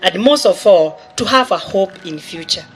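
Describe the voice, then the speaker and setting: A woman's voice: medium pitch, animated, normal speed. Woman going through friendship, kindness, confidence, earnest list talk. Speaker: speaker. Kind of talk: encouragement speech.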